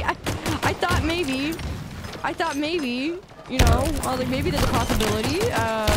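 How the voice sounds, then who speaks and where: A woman's voice: high voice, expressive, normal speed, heavy background noise. A woman streaming a game, chatting playfully with her chat and laughing and protesting as she plays. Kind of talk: casual live-stream chatter.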